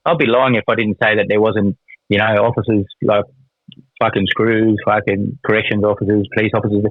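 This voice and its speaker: A man's voice: lowish voice, little pitch movement, a little fast, no echo. An Australian man telling a prison story in a rambling, casual way, swearing a lot and using many fillers. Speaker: guest, former prisoner. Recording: tinny phone-like line.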